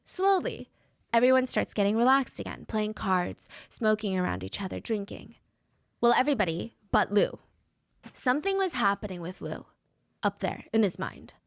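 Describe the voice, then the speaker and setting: A woman's voice: medium pitch, no room sound, clean studio sound. A woman telling a true crime story in a dramatic way, putting on voices for the people she quotes.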